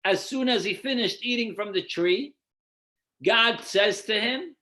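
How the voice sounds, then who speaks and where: Speaking unhurriedly in a high, bright, forceful voice, a rabbi delivers an explanatory Torah lecture. He poses rhetorical questions, supplies the answers, and guides the class through numbered sources.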